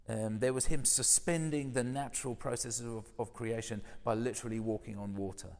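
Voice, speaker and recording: Low gravelly preacher in a hall. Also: male voice, a little mellow. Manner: conversational, rhetorical questions, builds with emphasis. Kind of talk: sermon.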